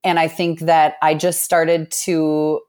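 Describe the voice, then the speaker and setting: Low-voiced woman rambling through a personal story, lots of restarts and likes. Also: little pitch movement, takes it slowly, darkish tone, clear, resonant tone. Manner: reflective, rambling with many restarts. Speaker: guest.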